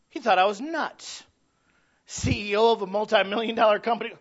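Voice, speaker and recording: A middle-aged Midwestern man preaching in a high voice. He talks to the congregation conversationally, dropping to quiet asides and then rising to loud, emphatic peaks. The recording sounds dull and lo-fi. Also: a little fast. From Michigan. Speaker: pastor. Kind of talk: sermon.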